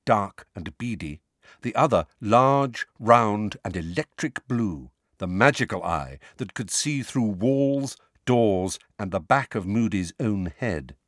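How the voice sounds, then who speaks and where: A man reading an audiobook in scripted narration, with expressive storytelling. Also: lowish voice, slow pace, dry recording, studio quality.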